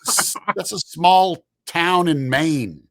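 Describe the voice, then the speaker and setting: A man hosting a live show with a bright, forceful voice. He jokes and rambles playfully, stretching each bit for laughs. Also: on the high side, slow, no echo. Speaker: show host.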